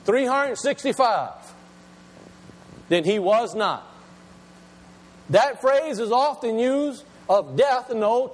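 A man preaching a sermon, slowing down to stress key words and asking his listeners questions. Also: very high voice, long reverb tail.

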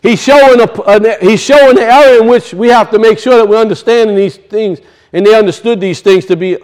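A man's voice: high-pitched, a little mellow. A male pastor preaching a sermon, emphatic, with rhetorical questions and casual asides.

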